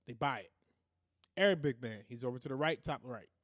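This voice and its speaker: A man's voice: medium pitch, fairly quick, no room sound, clean studio sound. A man hosting a podcast in a casual, profane monologue who keeps breaking into laughter. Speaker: podcast host.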